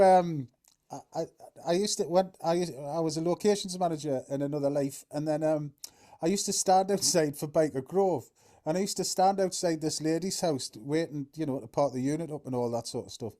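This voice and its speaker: A man with a Geordie accent co-hosting a casual chat, rambling and halting, filling his stories with "you know". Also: fairly high pitch, mellow. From North East England. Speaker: co-host.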